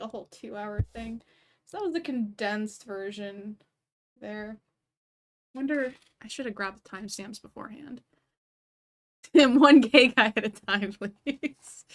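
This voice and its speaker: A woman's voice: a little high, fairly bright tone. Giggly, chatty woman streamer. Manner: chatty, giggly, distracted, talking to her cat. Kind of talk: casual livestream chat.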